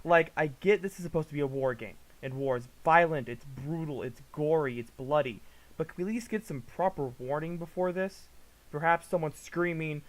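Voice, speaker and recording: A man giving casual reaction commentary, ranting in an exasperated, profane way that swings between low mutters and loud outbursts. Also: normal speed, low-quality recording. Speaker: commentary vlogger.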